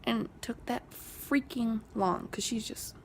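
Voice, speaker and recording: Hushed, gravelly young woman vlogger. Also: on the high side, slow, slight background noise. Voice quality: gravelly fry. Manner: whispery, hushed retelling that rises when quoting an argument. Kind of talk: casual storytelling.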